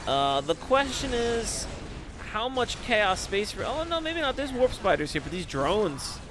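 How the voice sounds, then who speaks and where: A young man giving casual, rambling commentary on a strategy game, often breaking into excited exclamations. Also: high-pitched, unhurried, noisy background. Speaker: game caster.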